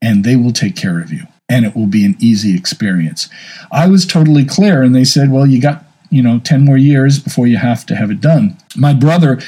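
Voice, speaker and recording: A man's voice: on the low side, dark tone, slightly rough, rough recording. A man in his fifties talking candidly and casually, telling a personal story and giving advice. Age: 50s. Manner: candid, storytelling, self-deprecating. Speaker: speaker sharing health advice.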